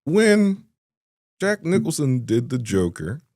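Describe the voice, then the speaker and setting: A man's voice: medium pitch, sing-song, takes it slowly, darkish tone. A man co-hosting a podcast, rambling through a movie review with tangents and frequent laughter. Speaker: podcast co-host. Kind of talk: casual chat, movie review.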